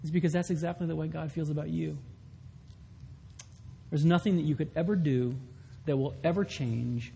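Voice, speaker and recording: Male pastor, earnest sermon delivery with slow, stressed key lines, slightly raised pitch, echoing sanctuary. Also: creaky, warm tone, slight background noise. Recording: long reverb of a large hall.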